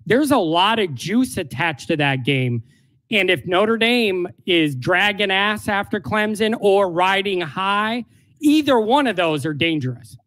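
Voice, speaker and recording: A man's voice: high-pitched, expressive, a little slow, fairly bright tone. A man co-hosting a casual sports podcast, talking in an emphatic, opinionated way.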